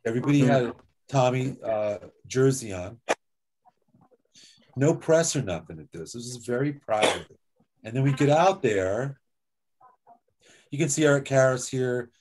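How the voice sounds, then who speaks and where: Man telling anecdotes, lively and conversational. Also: medium pitch, measured pace, long pauses, noisy background. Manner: conversational, lively, with frequent "like" and "you know". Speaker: author and guest speaker. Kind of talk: anecdotal storytelling talk with slides.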